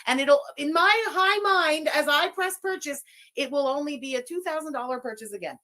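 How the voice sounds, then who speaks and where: A woman in a played clip, gushing and rambling excitedly and swearing as she talks. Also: sits high, brisk, voice pushed up.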